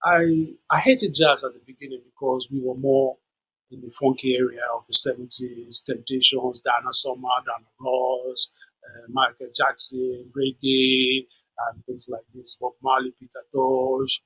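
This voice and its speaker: A man in his sixties with a strongly husky, grainy voice. He is a guest in an interview, telling stories in an animated way and slipping into the voices of the people he quotes. His pitch sits in an ordinary middle range. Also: unhurried, rough recording. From Nigeria. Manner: animated storyteller who acts out the people he quotes. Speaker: guest musician. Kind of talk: storytelling interview.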